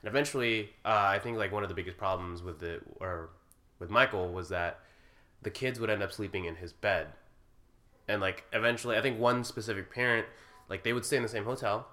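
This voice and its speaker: A man's voice: on the low side, brisk, sharp tone. A young man co-hosting a podcast, rambling in casual chat with lots of fillers and laughs. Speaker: podcast co-host.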